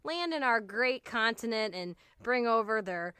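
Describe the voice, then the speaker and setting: A woman's voice: a little high, expressive, clean tone, no echo. A woman co-hosting a podcast, chatting casually and joking about word history. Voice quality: bright, joking, quick to laugh. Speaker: podcast co-host. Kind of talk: casual comedic chat.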